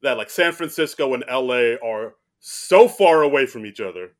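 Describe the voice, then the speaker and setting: A man's voice: mid-range voice, expressive, moderate pace. A man co-hosting a casual film review podcast, recapping the plot in a rambling way with many fillers. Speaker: podcast co-host.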